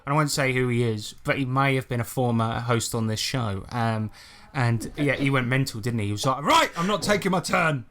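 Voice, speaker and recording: A man's voice: medium pitch, steady tone, a little fast, hardly any pauses, clean tone. Sweary joking man. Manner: sweary, jokey, laughs often. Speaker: podcast host. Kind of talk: casual chat.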